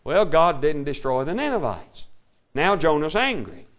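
A male preacher delivering a sermon, reading scripture in an old-fashioned cadence and swinging between loud declaration and quiet asides. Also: a little high, very animated, measured pace. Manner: old-style King James reading cadence.

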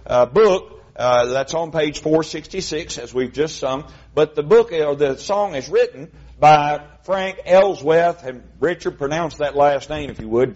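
A man's voice: a little high, muffled recording. A man preaching a sermon in a folksy, conversational way, with frequent fillers.

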